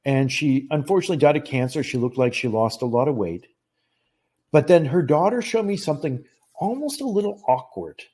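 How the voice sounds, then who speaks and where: A man with a slightly high voice recounts a story as a guest in a conversation. He speaks earnestly and with animation, jumping into the voices of the people he quotes. He often restarts his sentences and repeats phrases for emphasis. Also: brisk, slightly rough. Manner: animated, acts out quoted dialogue. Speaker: psychic medium guest.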